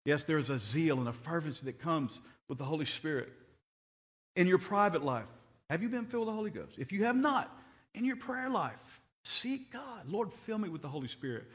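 A man's voice: on the high side, very animated, moderate pace, fairly bright tone. A middle-aged man preaching a sermon, telling stories earnestly and often repeating his words.

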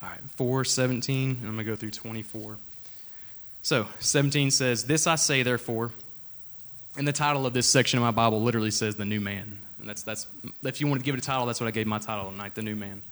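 A man's voice: mid-range voice, fast talker, fairly bright tone. Young guy preaching, earnest and chatty, tells his own story then reads scripture, lots of restarts. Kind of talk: informal sermon with personal testimony.

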